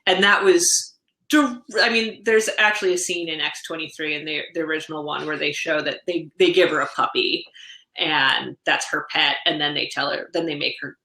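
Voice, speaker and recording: Chatty woman with a bright voice. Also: low-pitched, fairly even intonation, normal speed. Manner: chatty, rambling storyteller. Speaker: podcast co-host. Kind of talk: casual chat about comics and TV. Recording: echoey room.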